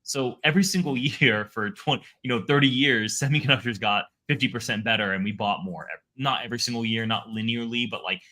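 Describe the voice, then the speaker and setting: A man's voice: mid-range voice, fairly quick, hardly any pauses, bright, forceful tone. A man speaking as a guest analyst in a casual interview, talking in rambling runs full of restarts and fillers.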